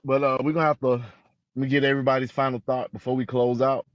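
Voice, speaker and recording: A man's voice: mid-range voice, little pitch movement, fast talker, no room sound, lo-fi sound. Dry-voiced man hosting a podcast. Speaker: podcast host.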